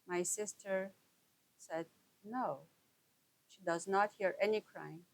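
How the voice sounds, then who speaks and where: A woman slowly recounting a personal experience in an earnest, intimate way, breaking her sentences into short halting phrases. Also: medium pitch, poor audio. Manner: halting, broken into short pauses. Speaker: storyteller sharing a personal experience. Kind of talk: slow reflective personal storytelling.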